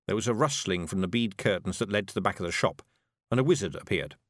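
Male audiobook narrator: expressive storytelling, lively pitch, dry studio sound. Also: fast talker, no room sound.

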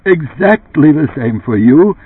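A tense, suspicious man, as a male audiobook reader puts him on who presses with sharp, accusing questions. The husky voice rises and falls a lot. The sound is dry and thin, like a phone line. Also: on the high side, animated, unhurried, no room sound, voice pushed up. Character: tense, suspicious man confronting his boss.

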